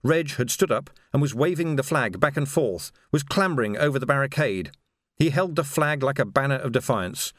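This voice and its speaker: The clip features a male audiobook narrator whose delivery is steady and controlled. His pitch is medium and the recording is dry.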